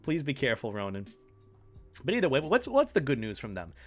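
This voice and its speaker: A man on a live stream rambles playfully to his chat, his pitch bouncing up and down all the time. Soft music plays faintly behind him. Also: huge pitch swings, fairly quick. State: hiccups.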